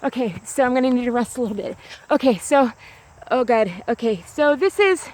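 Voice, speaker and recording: A woman's voice: on the high side, fairly quick, a little mellow. A woman talking to a small camera outdoors on a grassy hill, in a rambling casual monologue full of "like" and restarts. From United States. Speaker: vlogger.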